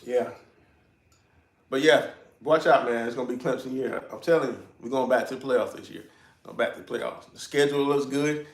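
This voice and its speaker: A man's voice: medium pitch, normal speed. Laid-back South Carolina man in an echoey garage. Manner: laid-back, chuckling, folksy slang. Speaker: YouTuber hosting a garage livestream. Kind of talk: casual live-stream chat. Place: home garage.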